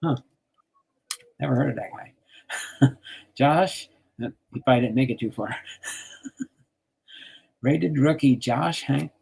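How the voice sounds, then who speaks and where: An older man from New Jersey hosting a relaxed chat, reading out card names and laughing often. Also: medium pitch, gravelly, husky. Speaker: host sorting baseball cards on a stream. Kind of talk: casual chat.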